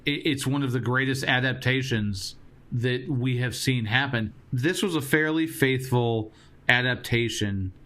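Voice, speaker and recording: A man co-hosting a movie podcast, talking in a thoughtful, animated way and laughing along. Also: medium pitch, a little slow. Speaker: podcast co-host. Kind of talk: casual chat about movies.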